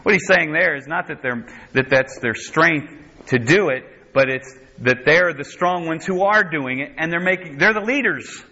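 A male pastor preaches a sermon, working through scripture verse by verse and breaking in with wry asides. His voice is bright and forceful. The recording is dull and lo-fi, with the top end muffled. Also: fairly high pitch, normal speed.

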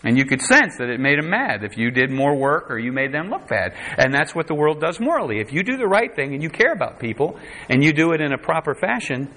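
A man's voice: a little high, very animated, a little fast, few pauses, bright, forceful tone. A man preaching a conversational sermon, quoting scripture in a dramatic voice. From United States.

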